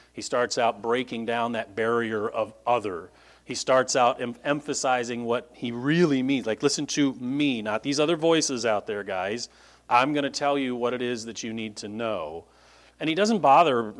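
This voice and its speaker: A man preaching a relaxed teaching sermon in a mid-range voice, explaining each point step by step. He keeps checking in with the room by asking "right?" and "okay?" as he goes. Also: medium pitch. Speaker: pastor. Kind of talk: conversational Bible-teaching sermon. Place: church meeting room with a congregation.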